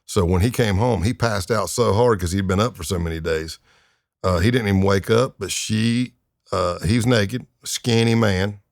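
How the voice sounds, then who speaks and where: In a podcast studio, a middle-aged man who retired as an FBI undercover agent shares crime stories as a guest, laid-back and casual, with frequent chuckles and fillers. He speaks at a normal speed in a gravelly voice on the low side, captured in a dry recording with clean studio sound.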